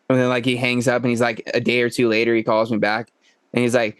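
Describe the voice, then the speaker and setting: A man's voice: mid-range voice, flat delivery, fast, no echo. Man rambling through a story on a podcast. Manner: rambling storyteller, swears freely. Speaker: podcast co-host. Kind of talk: casual chat.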